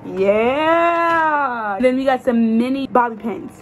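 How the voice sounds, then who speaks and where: Excitable young woman vlogger, high voice. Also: a little fast, a little hiss or hum. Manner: expressive, exclamatory, slangy. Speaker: beauty vlogger. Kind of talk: casual chat to camera.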